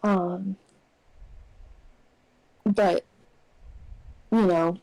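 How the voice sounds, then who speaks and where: A woman's voice: mid-range voice, very slow, gravelly, no echo, poor audio. Young woman telling a ghost story. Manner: animated, acts out quotes in raised voice. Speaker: podcast co-host. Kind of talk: casual storytelling.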